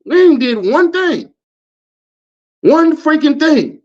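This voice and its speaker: A man, an online commentator, ranting at viewer comments in animated slang and laughing often. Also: extremely high pitch, slow. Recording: dull lo-fi audio.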